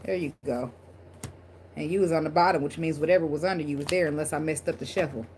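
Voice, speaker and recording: A woman with a slightly low voice gives a loose, unscripted tarot reading straight to her viewers. She is blunt and profane, laughs often and talks like she is chatting with friends. A faint hum of room noise sits behind her. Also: quick pace, a little mellow. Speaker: tarot reader. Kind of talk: casual tarot reading to camera.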